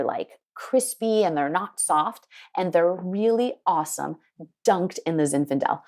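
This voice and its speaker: A woman winemaker telling an animated story in an interview, acting out the people she quotes. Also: fairly low pitch. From United States. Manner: lively, quotes people in put-on voices. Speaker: winemaker guest. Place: her home in Sonoma County.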